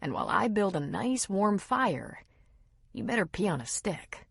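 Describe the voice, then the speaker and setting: A woman doing teasing young husband, husky, dry close sound, lively. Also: measured pace, no echo, exaggerated voice. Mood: reassuring. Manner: playful, low teasing.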